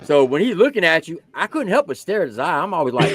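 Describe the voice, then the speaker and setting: A gravelly man in his forties spins a profane war story with wildly lively pitch. He drops into low asides, then bursts out loud on the punchlines. His voice sounds close and dry, with no room around it. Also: fast, no echo. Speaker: army veteran guest.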